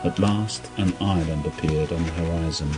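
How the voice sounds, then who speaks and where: A man gently reading a children's story aloud in an unhurried storybook manner. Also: sits low, steady tone, music in the background, rough recording.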